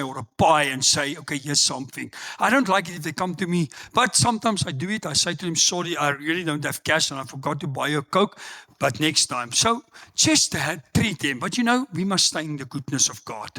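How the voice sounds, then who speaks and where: A middle-aged South African man preaching a sermon, telling personal stories and acting out the dialogue with loud exclamations. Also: on the high side. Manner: animated storytelling, acts out dialogue, exclaims loudly. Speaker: pastor.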